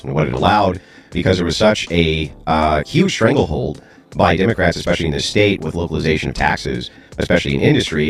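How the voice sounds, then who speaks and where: A man explaining economic views in a measured way, with hesitations. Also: sits low, creaky, slightly rough.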